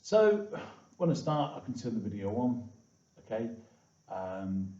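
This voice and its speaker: A man's voice: fairly low pitch, sing-song, a little slow, mellow. A man teaching a coding tutorial to viewers in a chatty way, full of "okay" and "all right". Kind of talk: screen-recorded coding tutorial. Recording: echoey, distant, dull lo-fi room sound.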